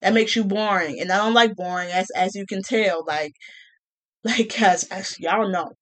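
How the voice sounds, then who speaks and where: A woman ranting casually to her viewers, sassy and animated, with colloquial speech, repeated words and mocking quoted voices. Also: mid-range voice, normal speed. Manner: colloquial, with many restarts and repeats. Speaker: vlogger. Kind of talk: casual rant to camera.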